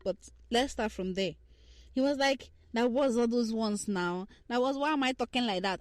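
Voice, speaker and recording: A young woman hosting a casual talk on relationships, swinging between hushed asides and heated rants. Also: fairly high pitch, moderate pace, no room sound. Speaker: podcast host.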